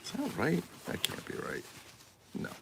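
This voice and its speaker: A man's voice: moderate pace, very noisy. A man hosting a casual livestream, putting together a collectible mask while chatting and cracking crude jokes to his viewers. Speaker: toy collector livestream host. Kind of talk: casual unboxing livestream chat.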